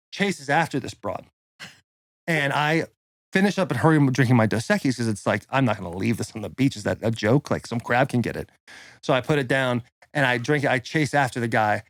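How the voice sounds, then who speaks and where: Young male podcast host, rapid rowdy storyteller, dry sound. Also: mid-range voice, no room sound. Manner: rowdy, animated storyteller acting out quotes. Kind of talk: casual storytelling.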